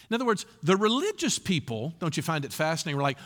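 A man preaching a sermon as a pastor, telling stories and acting out quotes with lively delivery. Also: fairly high pitch, quick pace, few pauses. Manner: animated storytelling with acted quotes. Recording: long reverb of a large hall.

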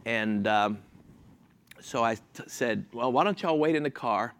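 A man's voice: medium pitch, unhurried. Man in his fifties telling a story. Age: 50s. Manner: self-deprecating, deadpan delivery with frequent restarts. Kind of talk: humorous personal story.

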